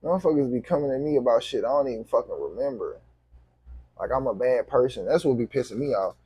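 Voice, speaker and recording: A man's voice: medium pitch, animated, quick pace, warm tone, husky, dry recording. A man vlogging to camera, venting in a heated, profane, repetitive way.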